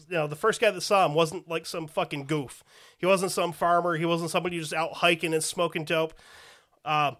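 A man's voice: fairly high pitch, fairly bright tone. A man hosting a podcast in casual chat, profane and joking. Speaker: podcast host.

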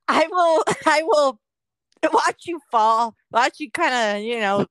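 Podcast co-host, woman, forties, high voice, casual and profane. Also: animated, slow pace, fairly bright tone, no echo, rough recording. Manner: profane, giggly. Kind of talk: casual chat.

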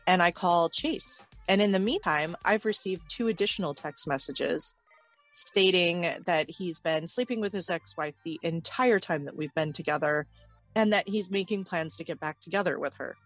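On a talk show, a woman with a lowish voice candidly recounts a painful personal story, acting out what other people said. Her telling is emotional and animated, full of quoted dialogue, and the recording has no echo.

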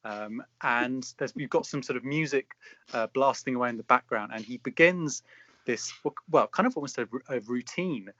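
A man's voice: medium pitch, normal speed, fairly bright tone, no room sound. A man, a podcast co-host, telling a story in a rambling, hesitant, amused way. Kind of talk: casual storytelling chat. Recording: dry, slightly dull sound.

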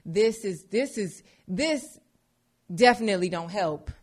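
A woman's voice: medium pitch, unhurried. Chatty young woman podcaster, casual. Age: 20s. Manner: chatty and animated, swearing freely, drifting between topics. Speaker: podcast host. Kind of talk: casual monologue.

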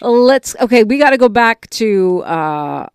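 A woman hosting a talk radio show in a studio, brisk and steering the conversation. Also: a little high, expressive, clear, resonant tone, no room sound.

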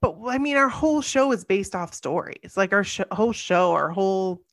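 A woman co-hosts a podcast in loose, casual chat. She sounds tired and rambles, often stopping to correct herself. Her voice sits at an ordinary middle pitch, recorded close and dry. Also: expressive, normal speed, no room sound. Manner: chatty, rambling, self-correcting. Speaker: podcast co-host.

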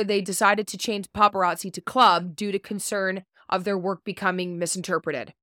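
A woman's voice: mid-range voice, fairly bright tone, no room sound, studio quality. A woman hosting a podcast, reading a prepared story segment in a blunt way, swearing casually and stumbling over unfamiliar names. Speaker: podcast host.

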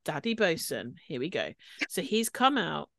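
Woman podcasting about reality tv, lowish voice, dry sound, chatty. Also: big pitch swings, gravelly, dry recording. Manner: chatty, quick, acts out quotes from the shows. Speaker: podcast co-host. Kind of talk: casual chat recapping reality TV.

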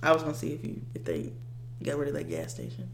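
A young woman co-hosting a casual chat, quick and teasing, laughing as she talks. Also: deep voice, big pitch swings, vocal fry, echoey room, slight background noise.

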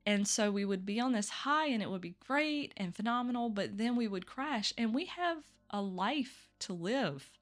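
A woman's voice: medium pitch, expressive, moderate pace, fairly bright tone. A woman hosting a solo spiritual podcast, talking candidly and reflectively, with little laughs between thoughts. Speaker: podcast host.

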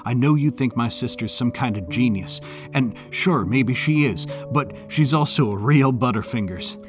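A man's voice: mid-range voice, moderate pace, close to an everyday voice. A rattled young man talks in a rush of stammers and insistence, as a man voices him in a storybook reading. The voice sits near a plain mid range. Music runs underneath. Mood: ranting. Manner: agitated, stammering. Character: young man, rattled and hot-tempered brother. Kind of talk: audiobook character voice.

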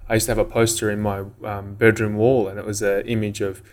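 A man's voice: lowish voice, little pitch movement, brisk. An Australian man co-hosting a podcast, chatting casually and rambling with lots of "you know" and "um". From Western Australia. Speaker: podcast co-host. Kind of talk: casual chat.

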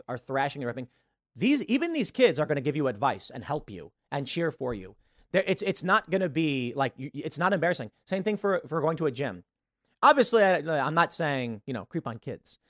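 Guy hosting a live show, kinda high voice, rambles and acts out little convos, dry sound. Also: a little fast, no room sound. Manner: animated, acts out quoted dialogue in changing voices; rambling, with frequent restarts. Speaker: podcast host. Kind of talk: casual live-show monologue.

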